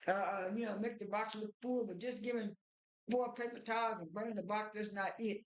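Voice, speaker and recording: A woman's voice: medium pitch, steady tone, brisk. Rambling woman vlogger in an echoey room. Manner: rambling, with many restarts and fillers. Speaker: vlogger recapping a TV episode. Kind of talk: casual spoken recap.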